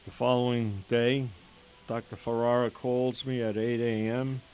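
An older man slowly telling his own emotional story as a father, in an earnest way with quoted dialogue. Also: medium pitch, little pitch movement, a little mellow. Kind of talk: personal testimony storytelling. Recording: faint hiss behind the voice.

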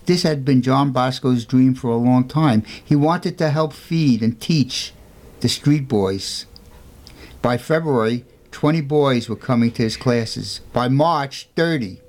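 A man in a middle-pitched voice telling a saint's story on a talk show. He speaks conversationally and punches key points with emphatic rhetorical questions. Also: slow pace, darkish tone.

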